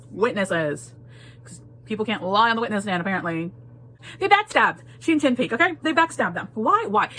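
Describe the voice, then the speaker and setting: With a fairly high, somewhat bright voice, a woman reviews a book casually, spoilers included. She's emphatic and laughs frequently, often repeating phrases.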